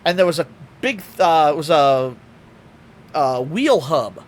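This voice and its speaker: High-voiced man telling a story. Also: lively intonation, a little slow. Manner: storytelling, swearing, acting out quotes. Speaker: streamer. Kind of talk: casual chat.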